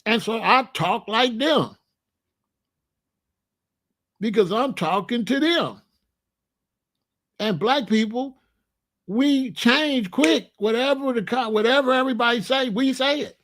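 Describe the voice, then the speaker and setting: A man in his sixties telling stories in a casual, animated way, full of street slang and "you know what I'm saying.". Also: very high voice, slow pace, pauses often. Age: 60s. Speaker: channel host. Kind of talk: casual storytelling monologue.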